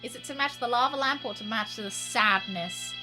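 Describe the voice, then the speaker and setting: A woman's voice: on the high side, moderate pace, music in the background. A woman streaming a game, chatting casually with a giggly, self-mocking manner. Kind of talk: casual gameplay commentary.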